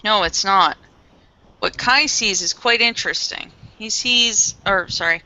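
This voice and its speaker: Slow, bright-voiced woman game master. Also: medium pitch. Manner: descriptive, measured narration. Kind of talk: narrating a tabletop game. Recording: dull lo-fi recording.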